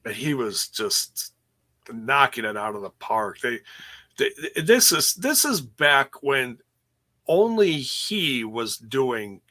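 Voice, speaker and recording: A man's voice: medium pitch, very animated, takes it slowly, sharp tone. A man co-hosting a podcast, recapping in easygoing casual chat with lots of fillers. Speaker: podcast co-host. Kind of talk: casual chat reviewing wrestling shows.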